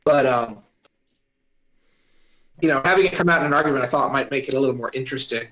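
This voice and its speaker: A man's voice: mid-range voice, fast, a crowd in the background, poor audio. A man in a casual online writers' chat, explaining his story in rambling bursts full of fillers. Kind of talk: casual group chat about writing.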